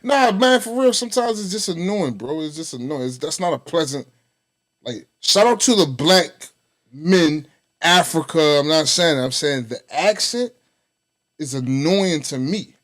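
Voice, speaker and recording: A man's voice: on the high side, animated, a little slow, fairly bright tone. Joking podcast host, man. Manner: loose, joking, slangy. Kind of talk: casual chat.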